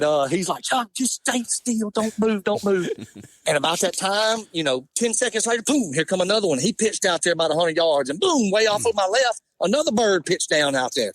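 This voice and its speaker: A man, telling an animated, laughing hunting story in casual talk. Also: fairly high pitch, no room sound. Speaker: podcast guest.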